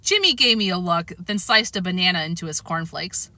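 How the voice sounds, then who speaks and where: Animated woman reading a storybook. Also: brisk, no echo. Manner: expressive, jumps high in pitch for child characters. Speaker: audiobook reader. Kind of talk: storybook read-aloud with character voices.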